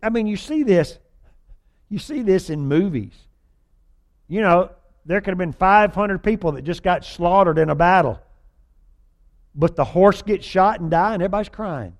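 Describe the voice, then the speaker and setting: A man's voice: high-pitched, moderate pace. A man preaching a sermon with a folksy, humorous delivery, acting out whiny voices with exaggeration.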